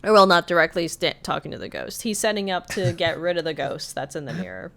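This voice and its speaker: A woman with a somewhat low-pitched voice co-hosts a relaxed podcast. She retells a cartoon episode scene by scene and slips into brief voices for the characters' lines. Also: fairly quick, vocal fry. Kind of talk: casual chat, retelling scenes.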